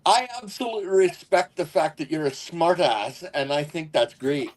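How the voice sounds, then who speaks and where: A man co-hosting a casual stream, tossing in quick wisecracks. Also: on the high side, expressive. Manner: wisecracking interjections. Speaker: co-host. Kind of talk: casual chat.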